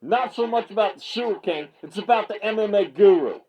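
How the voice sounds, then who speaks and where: A man's voice: high-pitched, a little fast, a little mellow, rough recording. A male MMA media host in a fired-up reaction rant, stammering and repeating himself as he gets worked up on his small video set.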